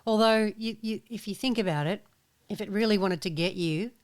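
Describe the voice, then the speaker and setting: Gently reassuring woman host. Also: medium pitch, normal speed. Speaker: podcast host. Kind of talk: casual interview chat.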